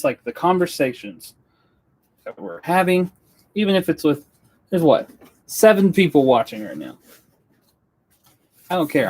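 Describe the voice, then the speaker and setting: A fairly high-pitched, mellow voice belongs to this young man from Western North Carolina. He's a woodworking YouTuber on a live stream, talking casually with viewers from his indoor studio workspace in an earnest, rambling way, often interrupting himself.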